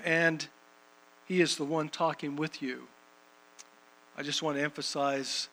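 A man's voice: a little high, steady tone, measured pace, pauses often, pushed and bright, a little hiss or hum, poor audio. A man preaching a sermon and reading scripture, emphatic, repeating phrases for rhythm.

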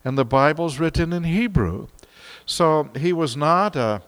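A man's voice: a little high, animated, unhurried, fairly bright tone, clean tone. Folksy preacher man in a reverberant hall. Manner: folksy, chuckling, many fillers. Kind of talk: sermon. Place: church.

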